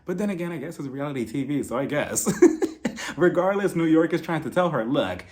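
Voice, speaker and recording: A man with a slightly higher voice recaps a reality TV episode in a loose, chatty way. He is expressive and opinionated, and he leans on fillers like "like" and "you know". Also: fast. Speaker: reality TV reviewer. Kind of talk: casual recap commentary.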